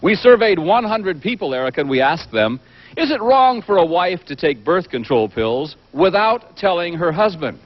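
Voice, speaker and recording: A man hosting a game show, bantering and teasing the contestants in a brisk way. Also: high voice, big pitch swings. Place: TV studio with live audience. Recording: dull old TV tape, studio audience. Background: studio audience.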